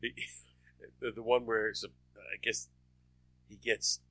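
A man in casual chat, recalling details haltingly and repeating words. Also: lowish voice, level tone, bright, forceful tone, dry recording, studio quality.

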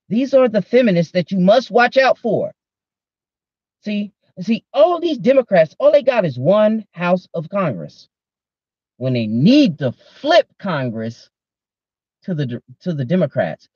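A man's voice: high-pitched, very animated, a little slow, darkish tone, slightly rough, dry recording. A man hosting a podcast, ranting in a casual, profane way and talking straight to his listeners on a dull lo-fi recording. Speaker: podcast host. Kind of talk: casual rant.

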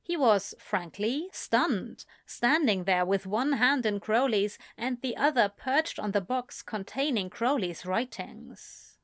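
A woman reading fan fiction aloud in a soft, unhurried storytelling manner. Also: a little high, expressive, dry recording, studio quality. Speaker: reader.

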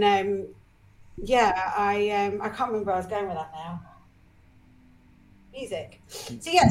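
A woman's voice: medium pitch, low-quality recording. A woman talking as a podcast guest, telling emotional personal stories with energy, swearing casually and often restarting her sentences. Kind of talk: candid personal storytelling.

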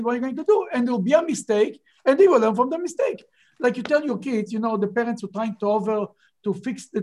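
Emphatic man teaching a Bible class. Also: extremely high pitch. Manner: animated, emphatic, rhetorical questions. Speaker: rabbi teaching a Torah class.

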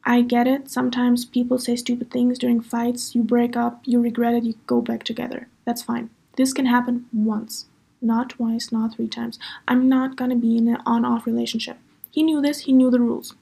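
A woman's voice: on the high side, level tone, normal speed, creaky, mellow, slightly rough. A young woman hosting a podcast, chatting casually through a personal story with lots of fillers. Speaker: podcast host.

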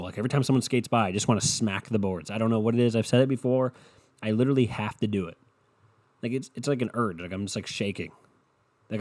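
A man's voice: mid-range voice, a little mellow. A young man hosting his own podcast, ranting in a rambling, profane, worked-up way. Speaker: solo podcast host. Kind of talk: casual unscripted rant.

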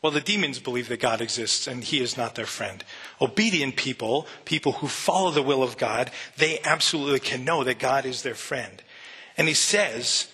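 This pastor's mid-range voice is bright, forceful and slightly rough, moving at a moderate pace. Emotional and near tears, he preaches earnestly and conversationally to his church in the sanctuary, frequently restarting his sentences.

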